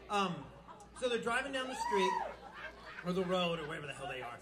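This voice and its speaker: A man's voice: high voice, big pitch swings, brisk, pauses often. A man telling crude jokes in a rambling live stand-up set. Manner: rambling, crude, loose storytelling. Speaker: stand-up comedian. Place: small live venue with music. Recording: live club recording with crowd and music. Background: music and audience noise.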